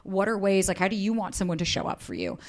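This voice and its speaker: Woman, 30s, dating coach guest. Lively, candid storyteller who swears freely and acts out her quotes. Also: medium pitch, fast. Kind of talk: candid podcast interview.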